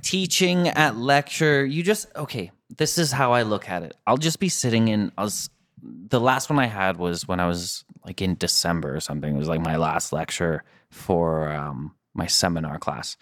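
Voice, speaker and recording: Deep-voiced young guy chatting, swears a lot, dry mic. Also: normal speed, a bit bright, no echo. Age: young adult. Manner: profane, reflective. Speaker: graduate student, teaching assistant. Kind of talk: casual chat.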